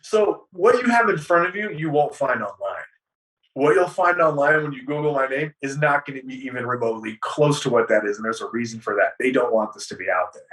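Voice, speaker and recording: Bright-voiced man telling a profane story. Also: medium pitch, fairly quick, distant mic, rough recording. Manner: animated, profane storytelling, acting out dialogue. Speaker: guest. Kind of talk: casual storytelling interview.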